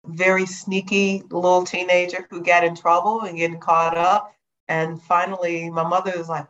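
A middle-aged woman from Chicago, a guest telling her life story in a lively, animated way. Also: lowish voice, normal speed. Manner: lively, animated retelling with acted quotes. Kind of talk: storytelling interview. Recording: dull lo-fi sound.

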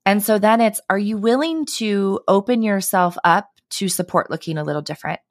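A woman's voice: mid-range voice, brisk, no echo, clean studio sound. A woman in her thirties, a podcast guest, telling personal stories earnestly and with animation, often adding "right?" and "I mean". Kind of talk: conversational interview.

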